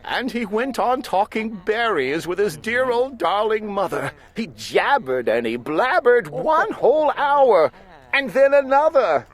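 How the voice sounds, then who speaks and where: Storyteller, rhyming picture book, lively swooping pitch, slow. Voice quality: expressive rhyming delivery. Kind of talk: storybook reading.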